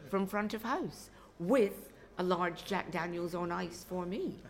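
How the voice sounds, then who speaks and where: A woman's voice: lowish voice, a little slow. A woman reviewer telling a chatty anecdote in a podcast interview. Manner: chatty storyteller, quoting others.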